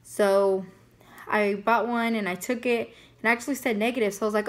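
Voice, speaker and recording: A woman's voice: mid-range voice, fairly even intonation, normal speed. A young woman casually telling a personal story, chatty and full of fillers. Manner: chatty, many fillers like "like" and "you know". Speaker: family vlogger.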